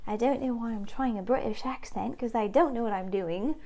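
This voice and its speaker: A woman's voice: fairly high pitch, fairly quick, mellow. A woman hosting a casual live stream from her piano studio, chatting with viewers and reading their comments aloud. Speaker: host.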